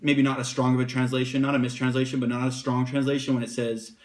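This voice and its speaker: Speaking at a medium pitch, a man gives a relaxed, unrehearsed teaching on a Bible passage, using plenty of fillers and slowing when he reads the verses.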